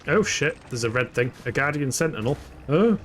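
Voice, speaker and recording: Swearing, laughing gamer. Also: male voice, medium pitch, expressive, moderate pace, a little hiss or hum. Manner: chatty, self-mocking, swears often, laughs a lot. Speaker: streamer. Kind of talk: live gameplay commentary. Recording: game music playing underneath. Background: game music.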